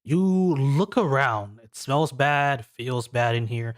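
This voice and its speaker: A man narrating as a game master in a descriptive, halting way, full of fillers. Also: mid-range voice, no echo, studio quality.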